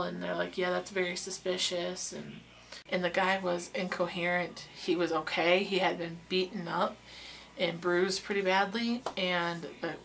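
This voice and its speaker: A woman's voice: fairly low pitch, creaky, a bit bright, a little hiss or hum. A young woman, a beauty vlogger, telling a true story in a casual, chatty way with lots of fillers and restarts.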